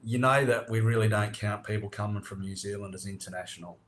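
A man's voice: on the low side, steady tone, fast talker, fairly bright tone, slight background noise. A man with an Australian accent co-hosting a casual comedy chat, teasing drily and full of Aussie slang. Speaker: podcast co-host.

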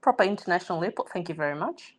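A woman from Sydney with an Australian accent, co-hosting a casual comedy chat, exasperated and quick to swear. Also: animated, slight background noise. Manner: exasperated, swears freely, swooping pitch. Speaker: podcast co-host.

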